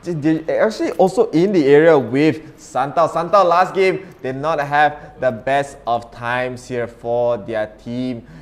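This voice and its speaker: A man casting an esports match live, giving steady, analytical play-by-play. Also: medium pitch, unhurried, few pauses. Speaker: esports caster. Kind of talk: live game commentary.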